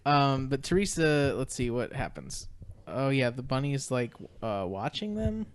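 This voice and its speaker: A man's voice: medium pitch, sing-song, a little slow, smooth. A man co-hosting a podcast, casually recapping a movie's plot in a rambling way, full of "like" and "uh," and briefly acting out the characters' lines. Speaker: podcast co-host. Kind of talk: casual film recap chat.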